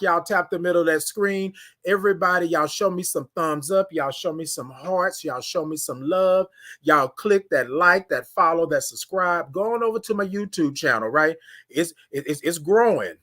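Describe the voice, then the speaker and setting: A high-pitched man hosts a casual morning livestream. He talks in an animated way, calls out viewers by name and stretches his greetings out long. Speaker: livestream host.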